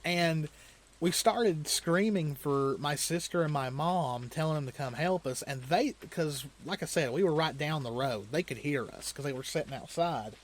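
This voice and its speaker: A slightly high-voiced man hosts a let's play and tells a loose, rambling story as he plays. He chuckles often and restarts his sentences as he goes. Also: moderate pace. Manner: chuckles often while telling stories. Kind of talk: casual storytelling while playing a video game.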